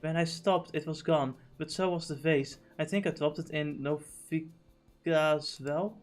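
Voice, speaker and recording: Brief: frightened young girl, read by a male streamer, soft and hushed. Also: a little high, steady tone, a little slow, lightly acted. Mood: timid. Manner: soft, timid.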